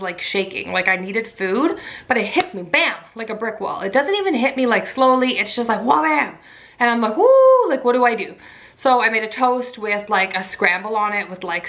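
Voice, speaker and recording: A woman's voice: medium pitch, bright, forceful tone. A young pregnant woman in casual vlog chat, chatty and full of "like". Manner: chatty, says "like" often. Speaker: pregnancy vlogger.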